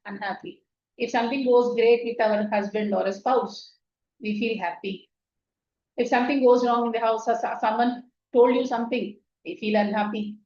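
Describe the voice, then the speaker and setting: A woman telling a spiritual story as a meditation teacher, unhurried and often checking in with "right?", recorded distant and echoey on a dull, lo-fi track. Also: fairly high pitch, darkish tone.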